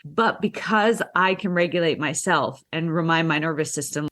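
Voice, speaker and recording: Woman, low voice, podcast guest, earnest explainer, casual talk. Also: moderate pace, fairly bright tone.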